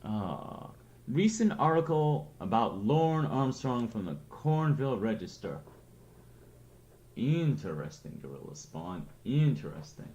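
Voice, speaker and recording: A man's voice: mid-range voice, very animated, measured pace, a little mellow, highs cut off. A man chatting casually on a late-night livestream, rambling and reading aloud to his viewers. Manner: rambling, reads aloud with laughs.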